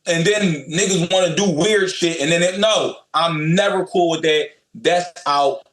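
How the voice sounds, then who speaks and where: A man's voice: fairly high pitch, measured pace, a bit bright, echoey room. A man calling in as a boxer guest, talking trash in a blunt, profane, emphatic way. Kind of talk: brash trash talk.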